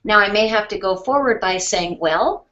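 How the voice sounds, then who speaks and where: A woman sales trainer coaching over a webinar, calm and question-based, with deliberate pauses. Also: mid-range voice, dull audio.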